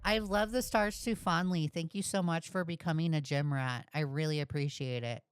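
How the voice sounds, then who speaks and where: A woman's voice: low voice, fairly even intonation, normal speed, clean tone, dry recording, clean studio sound. A woman giving blunt, profane, heated reaction commentary on a video she is watching. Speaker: reaction streamer.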